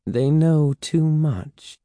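A man reading a storybook and voicing a cruel female witch who speaks quietly, icily and in commands. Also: a little high, drawn-out words, dry recording, voice pushed up. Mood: cold.

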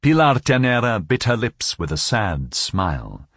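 A man narrating a novel as an audiobook, in a measured, expressive storytelling manner. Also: lowish voice, no echo, studio quality.

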